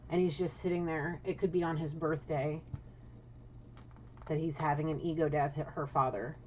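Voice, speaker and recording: A woman's voice: sits low, fairly even intonation, moderate pace, darkish tone, a little hiss or hum. A woman giving a casual spiritual tarot reading, blunt and swearing, often checking in with "okay?". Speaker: tarot card reader. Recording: dull lo-fi audio.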